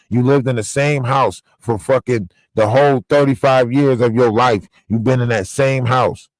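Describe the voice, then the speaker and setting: A man's voice: mid-range voice, dry recording, low-quality recording. Profane ranting man, dry close sound. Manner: profane, confrontational, scolding. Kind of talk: ranting livestream monologue.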